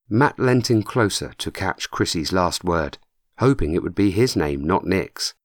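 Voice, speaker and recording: Low-voiced male audiobook narrator. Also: expressive, unhurried, dry recording, studio quality. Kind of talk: scripted narration.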